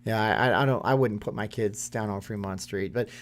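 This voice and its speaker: A man's voice: on the low side, brisk. Man in his thirties, rambling live stream host, casual chat, reads comments aloud. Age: 30s.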